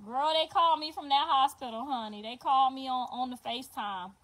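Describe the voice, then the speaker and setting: An older woman hosting a livestream tells her viewers a story in a high-pitched voice, talking a little fast. She's animated and profane, keeping things loose and casual and repeating points for emphasis.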